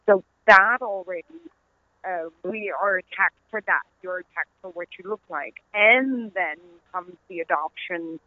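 A woman's voice: fairly low pitch, a little slow, no echo. Dutch-accented woman over a tinny phone line. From Netherlands. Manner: earnest, storytelling, laughs easily. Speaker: author and interview guest. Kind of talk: conversational interview.

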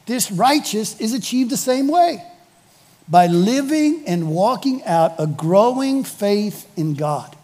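Male pastor, high voice, emphatic sermon delivery, long church reverb. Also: darkish tone. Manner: emphatic, repeats key phrases for weight.

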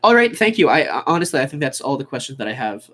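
Brief: male player, mid-pitched, courteous interrogator with easy laughs. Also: very animated, fast talker, fairly bright tone. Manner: polite, probing, laughs easily. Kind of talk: in-character questioning in a tabletop game.

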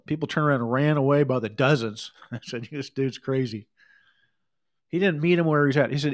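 A middle-aged man preaching a sermon, reading scripture and breaking off into conversational asides and quick acted quotes. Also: on the high side. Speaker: pastor.

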